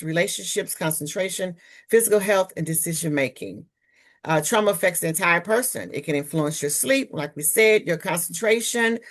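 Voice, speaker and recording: Over a video call, a woman with a voice on the low side presents a webinar on trauma healing. She speaks candidly and personally, drawing on her own experience.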